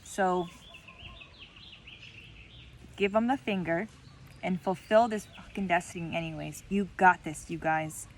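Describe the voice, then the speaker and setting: A woman's voice: fairly low pitch, steady tone, a little slow, pauses often, a little hiss or hum. A woman giving an intuitive message reading to her viewers, encouraging and heartfelt, often checking in with "okay?" and "you guys". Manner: emotional, heartfelt. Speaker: spiritual reader.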